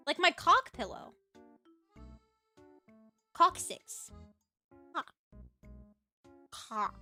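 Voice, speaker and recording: Giggly high-voiced American woman streamer. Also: lively intonation, a little slow, pauses often, bright, forceful tone, soft background music. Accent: Californian Valley Girl. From United States. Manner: giggly, chatty, reads chat aloud. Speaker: VTuber streamer. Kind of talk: casual live-stream chat.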